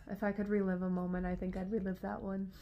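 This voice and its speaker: A young adult woman co-hosting a podcast, telling a personal story in casual chat, animated and full of "like" fillers. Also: medium pitch, lo-fi sound. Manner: animated, frequent "like" fillers, rising into excited retelling. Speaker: podcast co-host.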